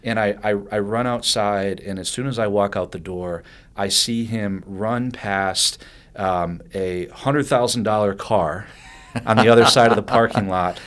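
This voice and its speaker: A man telling a personal story as a podcast guest, animated and rambling, with many restarts and fillers. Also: lowish voice, measured pace.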